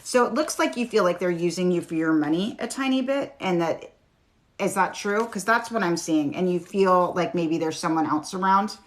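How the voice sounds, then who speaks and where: A young woman giving a live-stream tarot reading, talking gently and reading viewer comments aloud, with frequent ums. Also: on the low side, moderate pace. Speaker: tarot reader. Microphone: webcam or phone on a live stream.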